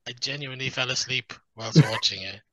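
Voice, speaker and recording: A man's voice: mid-range voice, a little fast, dry recording. A man co-hosting a podcast, mostly chiming in with short agreements and dry quips. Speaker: podcast co-host. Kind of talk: casual chat.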